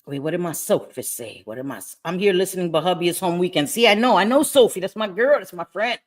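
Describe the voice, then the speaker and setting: A woman chatting casually on a livestream, reading and answering viewers' comments, talkative and quick to laugh. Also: on the low side. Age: older. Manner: chatty, laughs often, animated.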